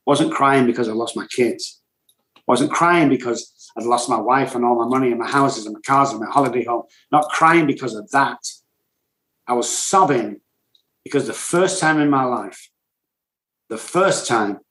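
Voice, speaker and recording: Speaking at a moderate pace in a mid-range voice, a middle-aged man from England guests on a podcast to tell his recovery story. The recording is rough, with a roomy sound. His emotional storytelling is blunt and intense, and he says he's loud and cocky.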